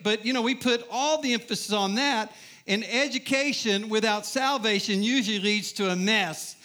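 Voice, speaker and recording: A middle-aged man preaches a sermon testimony, telling his own story with humor and putting questions to the crowd. He speaks at normal speed in a high-pitched, sharp voice.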